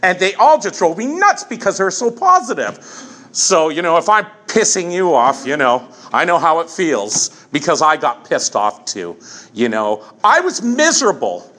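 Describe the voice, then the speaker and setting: A man in his fifties telling his own recovery story from the front of a meeting room, candid and halting, often restarting and repeating phrases. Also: on the high side, big pitch swings, sharp tone. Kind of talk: personal testimony at a recovery meeting.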